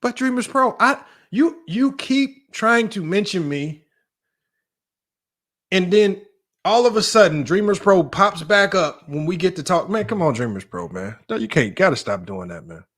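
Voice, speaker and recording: A man's voice: high-pitched, big pitch swings, a little slow, fairly bright tone. A young man hosting a sports debate livestream, riffing casually and joking as he talks straight at his viewers. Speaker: sports show host.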